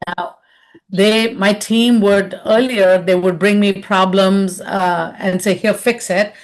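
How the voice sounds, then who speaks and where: A woman's voice: medium pitch, fairly even intonation, slow pace. A woman leadership consultant giving a webinar, telling personal stories in a chatty way and often tagging her sentences with "right?". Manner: chatty storyteller, tags lines with "right?".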